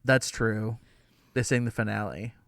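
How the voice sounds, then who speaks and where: A man's voice: on the low side, fairly even intonation, a little slow, vocal fry, a bit bright, dry recording, clean studio sound. A man co-hosting a podcast, casually and animatedly retelling a plot with quoted asides. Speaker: podcast co-host. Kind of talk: casual chat.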